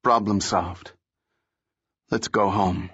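A man voicing a calm, unflappable male operative leader who speaks smoothly with dry humor in an audiobook reading. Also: lowish voice, slow pace, muffled recording, heavily acted. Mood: calm, wry. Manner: calm, smooth, dryly joking.

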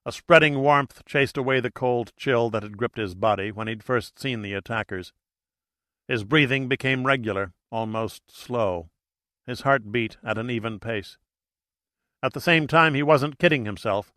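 A man narrating an audiobook in a steady, dramatic reading. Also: mid-range voice, normal speed, no echo, clean studio sound. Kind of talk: scripted narration.

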